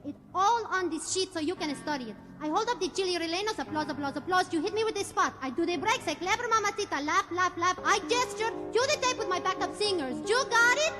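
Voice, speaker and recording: Stage clip: actress as a brisk, no-nonsense teen pageant girl, very high voice, rapid delivery. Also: expressive, in a large hall, faint music behind. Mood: businesslike. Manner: brisk, businesslike instructions. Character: savvy businesslike teenage pageant girl. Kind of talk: musical theatre stage scene.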